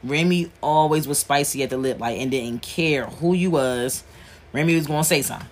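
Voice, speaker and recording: This podcast host is a woman who chats casually and openly, wandering between thoughts with slang and frequent restarts, and softening to a low voice when discussing grief. She speaks at a moderate pace over a little hiss or hum.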